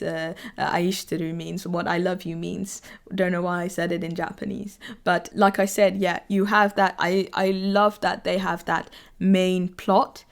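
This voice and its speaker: A woman's voice: lowish voice, creaky. A woman vlogger chatting casually about anime, rambling with many fillers and restarts, and getting teary when something moves her. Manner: rambling, full of fillers, laughs and gets teary. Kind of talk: casual chat.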